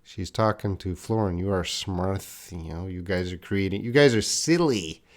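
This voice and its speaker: A man's voice: low voice, moderate pace. A man teaching an English lesson on a live stream, drilling words for students to repeat and chatting with viewers in the chat. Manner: chats with viewers, reading the live chat aloud.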